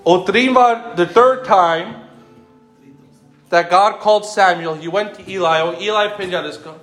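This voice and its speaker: A man's voice: high voice, moderate pace, a bit bright. A man preaching a sermon, asking the congregation questions, calling out people by name and switching between English and Romani. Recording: roomy echo with faint music.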